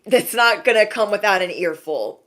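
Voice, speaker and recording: A young adult woman giving a sassy, animated spiritual pep talk to her viewers, acting out little scenes as she goes. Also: medium pitch, normal speed. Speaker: intuitive reader.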